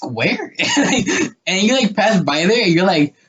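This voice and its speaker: A man's voice: high-pitched, very animated, a little slow, background noise. Rambling young man telling crude stories. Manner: rambling storyteller, crude, many fillers, laughs often. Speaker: podcast co-host. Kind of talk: casual chat.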